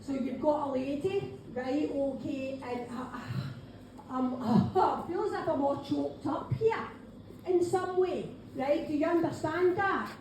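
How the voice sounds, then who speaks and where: High-voiced Scottish woman medium, echoey room. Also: takes it slowly, a little mellow. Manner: chatty, keeps saying "right, okay", calls people darling. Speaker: spiritual medium. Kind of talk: live mediumship demonstration to an audience. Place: function room of a local pub. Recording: very echoey room, faint background noise.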